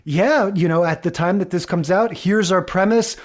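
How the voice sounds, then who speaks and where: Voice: mid-range voice, moderate pace. Thoughtful podcast co-host analyzing sitcoms. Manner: thoughtful, reflective commentary with frequent agreeing "yeah". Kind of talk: casual chat analyzing a sitcom.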